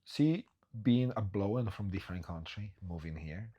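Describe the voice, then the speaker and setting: A man's voice: on the low side, lively intonation, moderate pace, warm tone, muffled recording. A man in his thirties from Poland who hosts a podcast, chatting casually in non-native English and telling anecdotes. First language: Polish. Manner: loose non-native phrasing, tells anecdotes with acted quotes. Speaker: podcast host. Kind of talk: casual interview chat.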